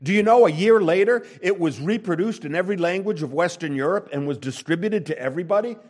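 A male pastor delivering a sermon in an emphatic preaching style. His voice sits a little high for a man and climbs higher when he presses a point, then drops soft and low. He keeps throwing rhetorical questions at the congregation. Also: fast. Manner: emphatic preaching with wide swings in pitch and loudness.

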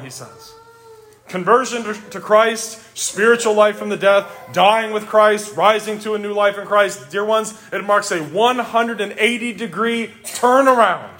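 Earnest and emphatic, a middle-aged man preaches from the pulpit as a pastor. His sermon climbs into exclamations and sinks into soft, reflective asides.

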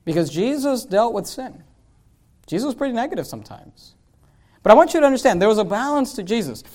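A pastor preaching a sermon, swinging from loud emphatic lines to quiet asides and reading scripture in slow, drawn-out phrasing. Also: male voice, very high voice, big pitch swings.

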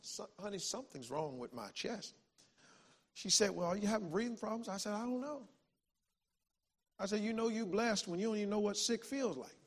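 A man's voice: mid-range voice, fairly bright tone. A man, a pastor telling a personal story in a plain, conversational way. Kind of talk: sermon testimony. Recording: long reverb in a hall.

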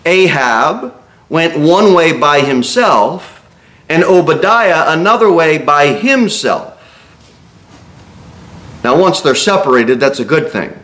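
A man preaching an expository sermon in a church, reading scripture aloud and acting out the speakers he quotes. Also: a little high. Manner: animated preaching, reads scripture aloud and acts out quoted speech. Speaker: pastor. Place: church sanctuary.

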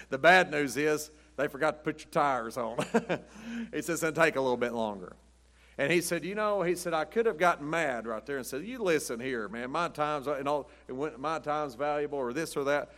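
A man's voice: a little high, fairly bright tone. A middle-aged man preaching a chatty sermon, telling rambling stories and laughing at his own jokes. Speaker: pastor. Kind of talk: folksy storytelling sermon.

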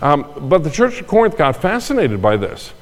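A man's voice: fairly high pitch, huge pitch swings, normal speed. An older man, a pastor, delivering a sermon in a conversational way, with asides and repeated phrases. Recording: long hall reverb.

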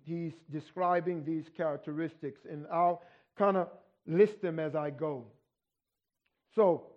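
A man's voice: sits high, lo-fi sound. A man preaching a sermon in a conversational teaching manner, often checking in with the listeners by asking "right?". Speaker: pastor.

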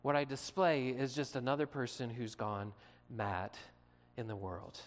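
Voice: mid-range voice, fairly even intonation, unhurried, big-room sound. A pastor preaching a sermon in a conversational way, asking the listeners questions and acting out short quotes.

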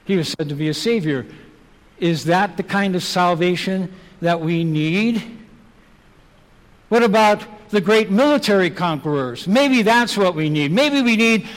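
A male preacher delivers a sermon at an unhurried, deliberate pace, pressing his listeners with repeated rhetorical questions. His voice sits fairly high for a man. It rings out with a long reverb, as if in a large church hall. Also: lively intonation.

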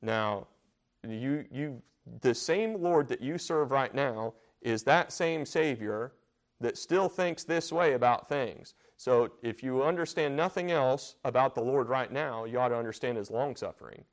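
A man teaches a church Bible study in an earnest, conversational manner. He circles back on his phrases and keeps putting questions to the room. His voice sits at an ordinary middle pitch. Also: unhurried.

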